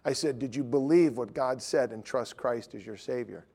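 A middle-aged man, an evangelist, preaching through lively anecdotes and acting out the dialogue. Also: medium pitch, normal speed, creaky. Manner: lively storytelling, acts out dialogue.

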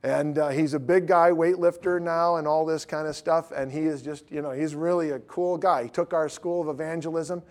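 Animated man in his fifties teaching. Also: fairly high pitch, moderate pace, few pauses. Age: 50s. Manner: animated storytelling, rising to emphatic questions. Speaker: evangelism teacher. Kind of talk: classroom teaching talk.

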